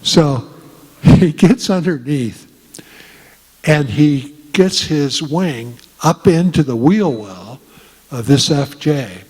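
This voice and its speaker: An older man, a retired Marine officer, telling folksy stories to a room with many pauses and fillers. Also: fairly high pitch, expressive, darkish tone, husky. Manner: folksy storytelling, frequent "uh" pauses. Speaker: guest speaker. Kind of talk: casual talk to an audience. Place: meeting room. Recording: reverberant hall.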